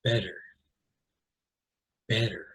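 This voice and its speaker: A man with an American accent from Central California, teaching English pronunciation in a relaxed, chatty way, full of ums and repeating words slowly as examples. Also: low-quality recording. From Central California, USA. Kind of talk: explaining pronunciation to learners.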